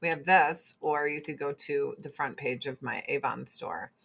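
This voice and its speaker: A woman in her forties chatting casually and profanely on a livestream, answering chat between product pitches. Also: normal speed, creaky, fairly bright tone, slightly rough. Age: 40s. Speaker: livestream host and Avon seller.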